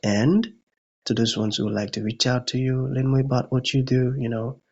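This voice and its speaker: A man hosting an interview, who affirms his guest and asks measured questions. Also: mid-range voice, steady tone, darkish tone. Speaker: host. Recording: muffled lo-fi audio.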